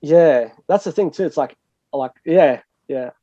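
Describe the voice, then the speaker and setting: A young man with an Australian accent rambles through a casual podcast chat, laughing at himself and swearing freely. His voice sits a little high but sounds dark and mellow. The recording is dry and a bit dull. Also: a little slow, no room sound. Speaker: guest DJ and producer.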